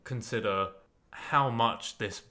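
A man's voice: mid-range voice, takes it slowly, bright, forceful tone. A man co-hosting a podcast in frank casual chat, easygoing with a dry, joking manner. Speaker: podcast co-host.

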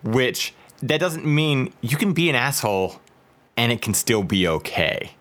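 A man's voice: mid-range voice, big pitch swings, a little slow, a bit bright. A man podcast co-host weighing in during casual chat, hesitant and wry.

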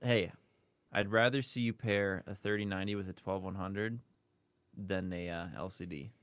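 A man guest on a casual tech podcast, chatty and quick to laugh, with plenty of fillers. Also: low-pitched, fairly even intonation, a bit bright, smooth, dry recording.

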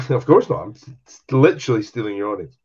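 A man's voice: mid-range voice, expressive, brisk, a little mellow, breathy edge, dull audio. A male comedian co-hosting a podcast over a video call, bantering with mock outrage, swearing a lot and laughing. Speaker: comedian co-host.

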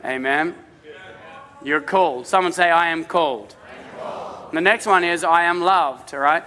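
A middle-aged man preaching in a church, his voice high and bright, with a long reverb from the large hall around him. He talks to the congregation in a loose, conversational way and drops in humorous stories about his family. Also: moderate pace. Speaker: pastor. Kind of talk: sermon.

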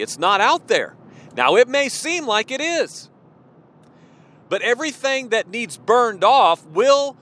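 A man preaching a sermon, swinging between soft pleading and loud, impassioned declaration. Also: sits high.

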